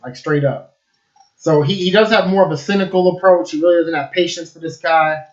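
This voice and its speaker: A man's voice: a little high, fairly even intonation, a little fast, echoey room, highs cut off. A man giving a casual, enthusiastic film review, rambling with lots of fillers.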